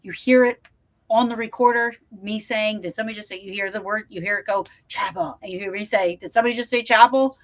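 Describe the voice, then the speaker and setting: A woman who investigates the paranormal, telling stories in an animated way and acting out quotes in a casual podcast chat. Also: medium pitch, fast.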